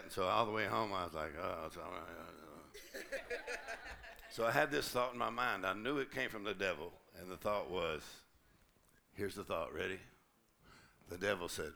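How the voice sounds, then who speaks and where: A man preaching to a church conference crowd in a low, gravelly voice with a tense, bright edge. He keeps it humorous and lively, slipping into little acted-out exchanges as he goes. The delivery is full sermon style, built to carry a room. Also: a little fast. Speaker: pastor.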